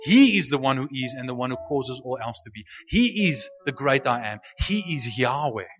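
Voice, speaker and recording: A man preaching a sermon in a middle-pitched voice, teaching off the cuff and often circling back to repeat a word before going on. He slows down and leans on each phrase whenever he reads scripture aloud. The recording sounds a little dull and lo-fi, with faint music underneath. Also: animated. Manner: unscripted teaching with frequent restarts and repeated words; slows down and stresses words when reading scripture aloud.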